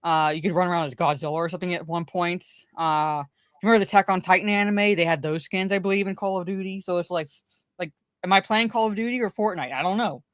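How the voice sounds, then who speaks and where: A woman's voice: lowish voice, fast talker, dry recording. A woman co-hosting a casual pop culture podcast, rambling, swearing and repeating herself as she talks. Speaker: podcast co-host.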